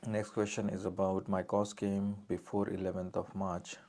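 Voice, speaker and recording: Man, live Q&A adviser, very deep, monotone delivery, plain and direct. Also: moderate pace, vocal fry. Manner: direct, reads out questions then answers plainly. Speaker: immigration adviser answering viewer questions. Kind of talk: live-stream Q&A.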